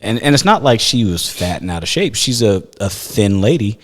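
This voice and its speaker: A man's voice: lowish voice, sing-song, moderate pace, big-room sound. A man co-hosting a podcast, chatting casually and telling a story with quoted dialogue, laughing often. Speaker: podcast co-host. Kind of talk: casual chat.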